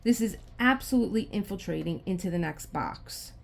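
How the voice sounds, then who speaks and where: A middle-aged woman hosts a casual crafting video, muttering and complaining to herself as she works. Her voice has a gravelly, creaky edge at an ordinary mid pitch. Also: lively intonation, normal speed. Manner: frustrated, talking to herself while working. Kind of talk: casual crafting chat to camera.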